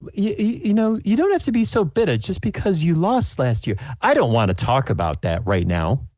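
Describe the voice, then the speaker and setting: A man's voice: a little high, sing-song, normal speed, darkish tone, no room sound, studio quality, voice pushed up. A man voicing a small, fussy woman competing in a pie contest, gushing and stammering. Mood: snippy.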